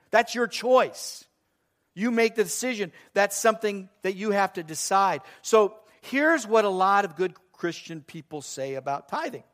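A man's voice: on the high side, a bit bright. A man in his sixties preaching a sermon, asking the congregation rhetorical questions and acting out voices of doubters. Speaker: pastor.

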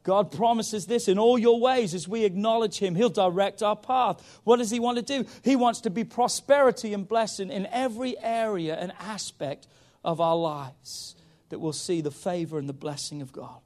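A male pastor preaching a sermon, emphatic and urging, often saying "come on" and swinging between loud pushes and quiet stretches. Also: high voice, normal speed. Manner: emphatic, repeats "come on", rises and drops in volume.

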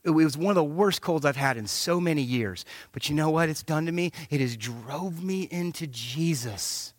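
A middle-aged male pastor preaching a sermon in an animated, joking manner. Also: a little high, normal speed, no room sound. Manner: animated, joking preacher who acts out quotes.

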